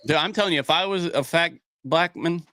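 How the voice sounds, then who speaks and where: A man's voice: fairly high pitch, a little fast, bright, forceful tone, no echo, clean studio sound. A man co-hosting a podcast, chatting casually and rambling with frequent restarts. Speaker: podcast co-host.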